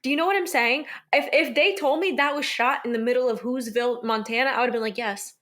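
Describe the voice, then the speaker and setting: High-voiced young woman co-host. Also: fairly bright tone. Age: young adult. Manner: quick to laugh, reactive, casual. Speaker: podcast co-host. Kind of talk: casual chat.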